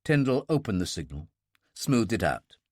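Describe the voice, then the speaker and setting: A man giving scripted audiobook narration in a calm, understated manner. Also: on the low side, normal speed, dry recording, clean studio sound.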